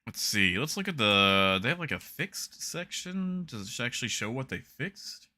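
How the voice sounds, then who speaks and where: A man's voice: mid-range voice, very animated, moderate pace, sharp tone. A young man streaming a video game, chatting casually with his viewers and reading patch notes aloud with dry, wry jokes. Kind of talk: casual live-stream chat.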